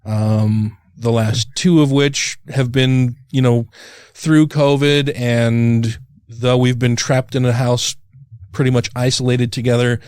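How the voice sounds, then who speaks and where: A man in his thirties with a smooth, resonant voice, chatting as a podcast co-host. He rambles through stories full of fillers and jokes at his own expense. His pitch leaps whenever he acts out his own worry, and the sound is dry and close. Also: flat delivery, takes it slowly, a little mellow, dry recording. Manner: rambling, self-deprecating storytelling with lots of fillers; jumps high when acting out his own panic. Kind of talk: casual chat.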